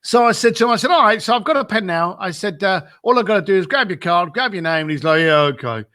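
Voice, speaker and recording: A man with a high voice tells a story in a podcast interview, acting out both sides of a phone call. His tone is bright and forceful, and he leans on fillers and repeated "I said.". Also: animated, fast talker. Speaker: podcast guest.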